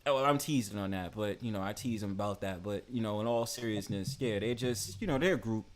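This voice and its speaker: A man's voice: lowish voice, fairly quick. Slangy, joking man hosting a stream. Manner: slangy and joking, with filler phrases. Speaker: stream host. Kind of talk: casual livestream chat.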